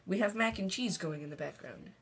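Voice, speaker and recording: A young woman hosting a home cooking video in her kitchen, talking in a halting way with frequent restarts. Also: on the low side, expressive, a bit bright. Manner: hesitant, halting, with many restarts. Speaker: cooking show host. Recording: distant mic, noisy kitchen.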